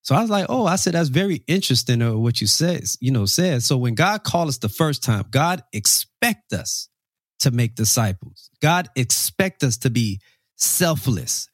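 A man's voice: mid-range voice, moderate pace, no room sound, clean studio sound. Earnest man hosting a faith podcast. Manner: earnest, animated, preacherly. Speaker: podcast host.

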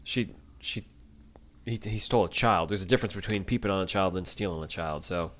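Low-voiced easygoing man recapping a show. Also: a little fast, fairly bright tone, a little hiss or hum. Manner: easygoing, wry, retells plot with quoted lines. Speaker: podcast co-host. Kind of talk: casual recap chat.

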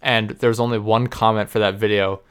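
A man's voice: on the low side, flat delivery, normal speed, fairly bright tone, clean tone. A young man co-hosting a podcast, telling rambling, profane, self-deprecating stories in casual chat. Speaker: podcast co-host and video editor.

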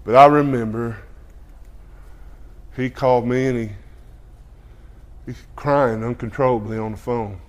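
A man's voice: medium pitch, steady tone, unhurried, pauses often. A man preaching a testimony to a congregation, folksy and full of amens. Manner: folksy, peppers speech with "amen" and "hallelujah".

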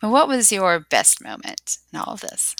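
A woman's voice: mid-range voice, wildly swooping pitch, moderate pace, a bit bright, dry recording. A woman hosting an interview, asking questions and responding with encouragement. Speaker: interview host.

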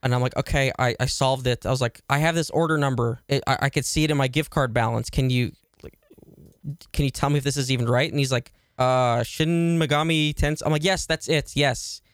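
A podcast co-host with a mid-range, clear and resonant voice speaks fairly quickly and with fairly even intonation. He tells a long story in casual chat, full of fillers, restarts and swearing, in clean studio sound with no room echo.

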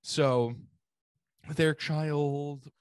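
Slow, hesitant man co-hosting a podcast. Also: a little high, steady tone, dry recording. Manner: hesitant, with fillers and throat clearing. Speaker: podcast co-host. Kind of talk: casual chat.

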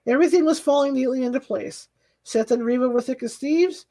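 A woman with a fairly high voice narrates a novel in a steady, even reading. Now and then she corrects a slip and carries on. It is straightforward audiobook narration. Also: brisk, low-quality recording. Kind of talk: scripted narration.

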